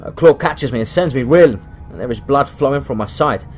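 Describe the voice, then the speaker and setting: A man reading a first-person horror story aloud, dramatic and rising to shouts. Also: medium pitch, animated, brisk, faint music behind.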